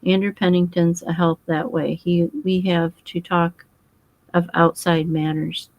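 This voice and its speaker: A woman's voice: on the low side, level tone, a little slow, muffled recording. A woman reading as a boyish young husband. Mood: earnest.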